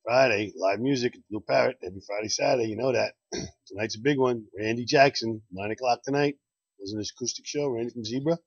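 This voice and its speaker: A man's voice: medium pitch, brisk, breathy edge, no room sound. A man hosting a bar's promo video, plugging events in a repetitive, folksy patter. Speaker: bar host promoting events. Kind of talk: casual promo talk and joke telling. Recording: dull lo-fi dry sound.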